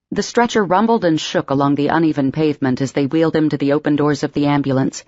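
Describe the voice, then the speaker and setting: A woman narrating an audiobook in a steady, expressive storytelling voice. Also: sits low, fast, hardly any pauses, no room sound, muffled recording. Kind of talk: scripted narration.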